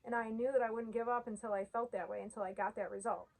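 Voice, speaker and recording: A woman in her thirties vlogs about her denture journey, speaking to camera in a heartfelt, earnest way and sometimes tearing up. She says "like" a lot, talks quickly in a slightly high voice with fairly even intonation, and the recording quality is low.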